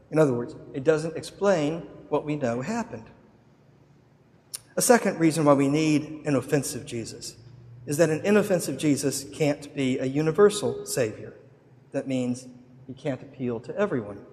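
A man's voice: a little high, darkish tone, big-room sound. A man preaching a sermon, telling a story dramatically. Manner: dramatic storytelling with acted quotes. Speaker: pastor.

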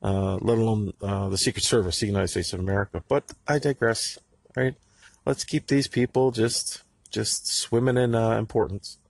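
A middle-aged man with a husky voice, ranting angrily and sarcastically with plenty of profanity in a podcast monologue. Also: lowish voice, fairly even intonation, normal speed, no room sound.

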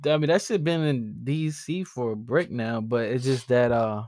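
A man's voice: mid-range voice, normal speed, a little mellow. A man co-hosting a casual podcast, laid-back and joking. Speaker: podcast co-host. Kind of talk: casual chat.

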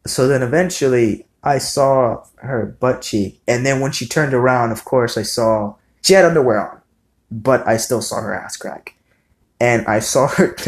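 Young man, vlogger, casual storytime, rambling, profane, filler-heavy, mid-pitched voice.

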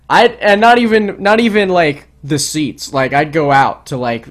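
Rambling animated podcast guy. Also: fairly high pitch, unhurried, few pauses. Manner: rambling, animated, lots of restarts. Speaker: podcast co-host. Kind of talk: casual chat.

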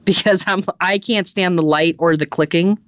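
Low-voiced woman co-hosting a chatty podcast. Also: moderate pace, dry recording. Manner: chatty, laughs easily, self-deprecating. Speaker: podcast co-host. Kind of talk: casual chat.

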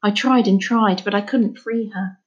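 A woman reading aloud voices a grieving middle-aged fisherman father, speaking in a heavy, halting way. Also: medium pitch, steady tone, muffled recording, close to an everyday voice. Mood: sorrowful.

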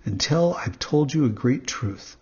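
A man voicing a wise, calm old male cricket who lectures, in a husky voice, on a dull recording. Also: mid-range voice, a little slow. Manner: calm, preachy.

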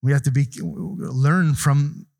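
A man's voice: mid-range voice, very animated, slow pace, darkish tone. A man preaching a sermon, reading Bible verses aloud and explaining them with asides and questions to the congregation.

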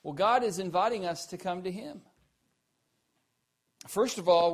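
Man with a high voice preaching; earnest, questioning, swings from emphatic to quiet. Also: unhurried. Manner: rising to emphatic peaks, then dropping low and quiet; earnest, asks the listeners questions. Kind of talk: sermon.

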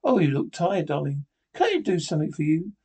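Tender wife, soothing, affectionate, 1950s radio play acting. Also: female voice, low voice, sing-song, brisk, warm tone, husky, full character voice.

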